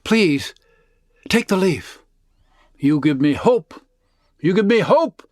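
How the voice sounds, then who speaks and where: A man's voice: high voice, expressive, slow pace, darkish tone, dry recording, clean studio sound, voice pushed up, exaggerated voice. A man voicing an earnest, matter-of-fact young woman in her late twenties, an engineering student, in a told story.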